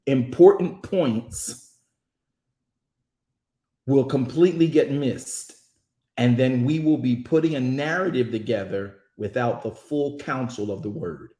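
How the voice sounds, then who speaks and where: A man's voice: mid-range voice, moderate pace, mellow. Male Bible study host; emphatic, preachy, folksy delivery; echoey sound. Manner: preachy, emphatic, addresses listeners as y'all. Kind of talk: online Bible study talk.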